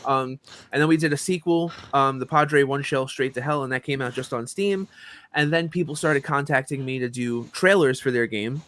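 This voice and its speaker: This man in his forties, both voice actor and professor, chats casually as a podcast guest, telling stories with animation and lots of filler words like "um" and "like." His voice is mid-range and he talks at a normal speed.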